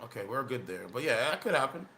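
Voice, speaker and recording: A man's voice: medium pitch, sing-song, fast talker, sharp tone, a little hiss or hum. A man giving casual political commentary while reacting to clips, blunt and scoffing.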